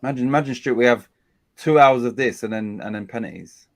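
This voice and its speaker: A man, hosting a casual live watchalong of a football match. He complains about dull play and gets excited during attacks. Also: mid-range voice, fast. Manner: chatty, groans at a dull game, excited bursts at attacks. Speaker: watchalong host.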